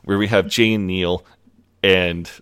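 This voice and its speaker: A man's voice: low voice, steady tone, a little slow, a bit bright, clean tone, no room sound, clean studio sound. A man co-hosting a podcast, casually retelling television scenes and quoting the characters' lines with frequent laughs. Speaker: podcast co-host. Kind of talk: casual recap chat.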